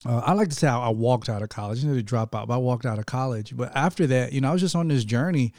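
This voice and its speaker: Young guy, guest storyteller, does the voices of people he quotes; even mid pitch, dry mic. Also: fast talker, dry recording. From Georgia, USA. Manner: animated, acts out quoted people. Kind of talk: casual faith-based storytelling.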